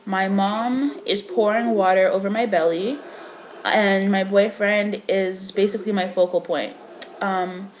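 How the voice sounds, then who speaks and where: A young woman talks straight to her camera in a casual, chatty vlog. Her voice sits at an ordinary middle pitch, and she tells her story in an animated way, scattering "like" and "um" through it. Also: slight background noise, low-quality recording. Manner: chatty, animated, frequent "like" fillers. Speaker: vlogger.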